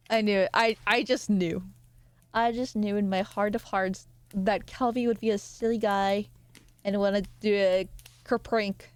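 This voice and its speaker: A woman streamer chatting casually with her viewers, excitable and giggly, often jumping up into squealy highs. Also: measured pace, clean tone, no echo. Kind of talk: casual live-stream chat.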